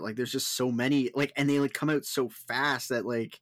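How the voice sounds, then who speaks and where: A man's voice: medium pitch, fairly even intonation, moderate pace, hardly any pauses, a bit bright, no echo. A man talking casually about a film, rambling and restarting with lots of fillers.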